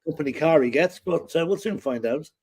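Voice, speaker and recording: A man's voice: on the high side, animated, brisk, darkish tone, husky. A man from Ireland co-hosting a casual sports livestream, with a dry, wry humor. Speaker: livestream co-host.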